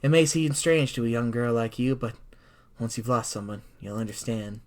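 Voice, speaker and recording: A man voicing a stern older female sparrow who rides a scooter, talking in a gruff, grave manner during a live-streamed game reading. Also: medium pitch, fairly even intonation, normal speed, pitched below the performer's own voice, natural voice.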